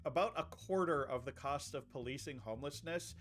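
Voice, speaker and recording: A man's voice: medium pitch, fairly quick, fairly bright tone, soft background music. Dry-joking man in podcast chat. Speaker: co-host, VTuber.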